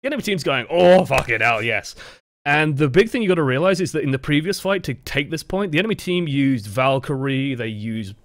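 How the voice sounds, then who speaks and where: A man's voice: a little high, lively intonation, fast, few pauses, no echo, studio quality. An English man coaching over gameplay footage, talking in a casual, rambling and profane way. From England. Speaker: game coach. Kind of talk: gameplay review commentary.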